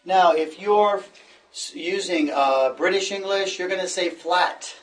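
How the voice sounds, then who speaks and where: A man's voice: high-pitched, unhurried, fairly bright tone, recorded from a distance, poor audio. A middle-aged American man teaching an English lesson, patiently repeating phrases for the learners. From United States. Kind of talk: classroom lesson.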